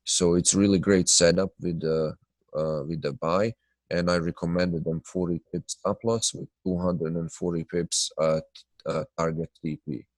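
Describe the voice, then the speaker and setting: Nasal low-voiced man hosting a webinar. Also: level tone, measured pace, no room sound. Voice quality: nasal from blocked sinuses. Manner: loose, filler-heavy talk, answering viewers by name. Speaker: trading webinar host. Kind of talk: live webinar chat and chart analysis.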